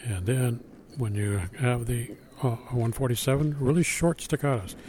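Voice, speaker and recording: A man giving spoken feedback to a school band, singing out rhythms to show them, relaxed and halting with fillers. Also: mid-range voice, a little hiss or hum. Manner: sings out rhythms to demonstrate. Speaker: band adjudicator.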